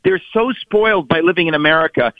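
A middle-aged man calls into a talk show, his voice squeezed into a narrow, tinny phone band with no room sound at all. He talks emphatically and mockingly, his tone sitting a bit high for a man. He runs on in animated bursts. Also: fast talker, dry recording. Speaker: guest author. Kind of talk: radio talk show commentary.

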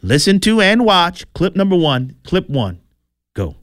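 Brief: man, political commentator, higher voice, chatty and wry. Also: big pitch swings, measured pace, a bit bright, dry recording, clean studio sound. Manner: chatty, wry, stumbles on words.

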